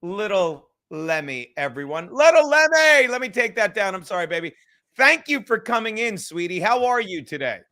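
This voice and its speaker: Telling stories on a livestreamed podcast, a high-pitched man talks at a moderate pace, casual and profane, rambling animatedly and reading out messages from viewers.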